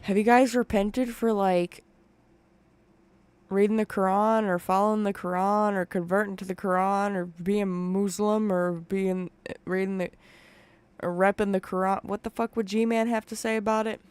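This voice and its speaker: A woman's voice: mid-range voice, fairly even intonation, normal speed, a little mellow, clear, resonant tone, no room sound. A woman commenting on a livestream while she recounts a painful family memory, talking in an emotional, profane, rambling way from a room at home. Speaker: commentary streamer. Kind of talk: casual reaction commentary. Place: home room with open window.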